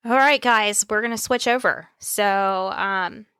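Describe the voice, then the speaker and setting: A woman's voice: mid-range voice, measured pace, bright, forceful tone, smooth, no echo. A woman co-hosting a podcast, reading listener posts aloud and chatting casually. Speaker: podcast co-host.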